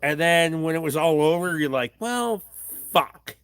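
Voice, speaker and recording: A man's voice: fairly high pitch, fairly even intonation, brisk, smooth, no room sound. A man hosting a casual livestream, reading viewer comments aloud and swearing freely in a blunt, offhand way, recorded on a tripod camera in his home workshop. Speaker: livestream host reading chat. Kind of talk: casual profane livestream chat.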